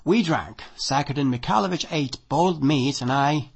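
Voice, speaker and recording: A man narrating a short story in an audiobook reading, with expressive storytelling and a dry, measured delivery. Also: a little high, creaky, husky.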